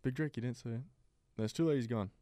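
A man's voice: mid-range voice, fast talker, warm tone, no room sound. A man co-hosting a sports podcast in casual chat, rambling with lots of fillers. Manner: rambling, filler-heavy, laughs easily. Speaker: podcast co-host.

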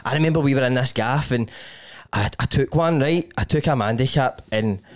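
A man's voice: mid-range voice, fairly quick. A young Scottish man hosting a casual podcast, telling rambling, sweary anecdotes with laughs. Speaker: podcast host.

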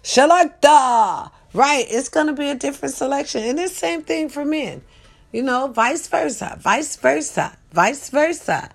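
Woman, young adult, casual chat host, lively, teasing, streetwise. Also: high-pitched, moderate pace, creaky. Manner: animated, teasing, streetwise and loose. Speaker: host of a casual night talk show.

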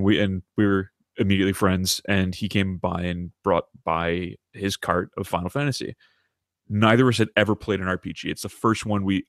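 A man in his thirties chatting casually on a podcast, animated and telling stories with plenty of swearing. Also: sits low, no room sound, studio quality. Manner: animated storyteller, swears freely. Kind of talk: casual chat.

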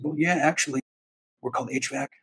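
Husky-voiced man telling a rambling story. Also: mid-range voice, steady tone, a little fast, fairly bright tone, low-quality recording. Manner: rambling, self-interrupting, acts out dialogue. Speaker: podcast host. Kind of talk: casual storytelling.

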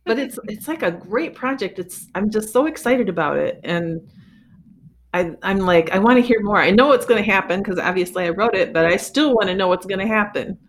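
A woman's voice: medium pitch, moderate pace. Author guest, female, mid-range voice, eager and rambling in casual chat. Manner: excited, chatty, many fillers.

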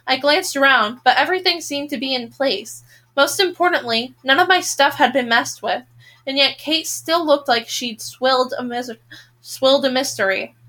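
A woman's voice: high-pitched, normal speed, bright, forceful tone. A woman reading a novel aloud, earnest, with occasional self-corrections.

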